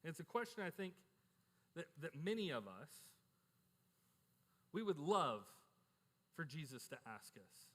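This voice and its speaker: Middle-aged man, pastor, conversational sermon, stammered restarts, high voice, reverberant church hall. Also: very animated, unhurried, long pauses, fairly bright tone. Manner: candid, conversational, repeats words when starting sentences.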